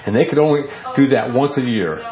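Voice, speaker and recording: A man's voice: medium pitch, animated, brisk, lo-fi sound. Man teaching scripture, conversational. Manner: conversational, checks in with frequent "okay?". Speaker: Bible teacher. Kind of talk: verse-by-verse Bible teaching.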